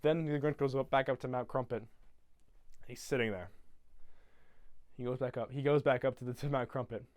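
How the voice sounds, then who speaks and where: A man's voice: medium pitch, moderate pace, pauses often, a little mellow, no echo. Rambling young man with a dry close mic. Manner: rambling, swearing, lots of fillers. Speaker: YouTuber. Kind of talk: casual retelling of a film from memory.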